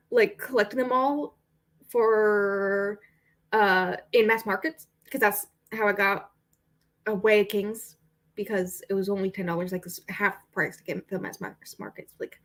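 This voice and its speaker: A woman's voice: medium pitch, fairly bright tone. A young adult woman book vlogger rambling in casual chat, with lots of fillers. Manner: rambling and chatty, with frequent fillers and laughs.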